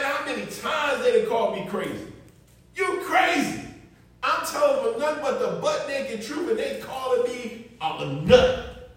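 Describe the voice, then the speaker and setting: A male preacher with a high, lively voice, swinging widely in pitch as he drives his points home. He preaches in an emphatic, conversational way, calling out to the congregation. The sound is roomy and echoing, picked up from a distance. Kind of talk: sermon. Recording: echoey room, mic far off.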